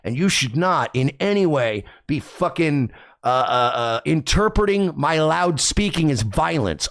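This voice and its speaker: A man hosting a livestream, talking loudly and combatively, swearing often as he rants. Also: fairly high pitch, vocal fry. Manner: loud, profane and combative. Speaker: livestream host. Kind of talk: ranting livestream commentary. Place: home by the beach.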